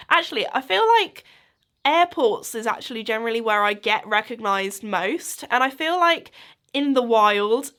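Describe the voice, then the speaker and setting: A woman's voice: on the high side, pushed and bright. A woman in her twenties hosting a podcast, chatting casually and rambling with lots of likes and ums. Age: 20s. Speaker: podcast host. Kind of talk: casual solo chat.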